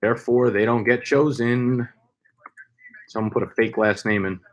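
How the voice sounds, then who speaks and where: Young dude streaming, rowdy and playful, swearing a lot, hyping up names, regular voice. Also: male voice, medium pitch, steady tone, moderate pace. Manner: loud playful hype with swearing and slang. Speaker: fantasy football streamer. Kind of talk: casual live stream chat.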